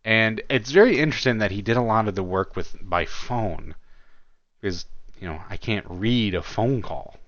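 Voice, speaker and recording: A man's voice: on the low side, moderate pace, a bit bright, dry recording, muffled recording. A man hosting a casual video commentary, musing aloud with many fillers and restarts as he reads through chat logs. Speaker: commentary host.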